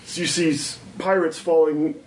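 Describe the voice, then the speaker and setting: A man running a tabletop role-playing game as game master, explaining rules and slowing down to narrate scenes vividly. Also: on the high side, fairly even intonation, distant mic. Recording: roomy, a little off-mic, faint background hum.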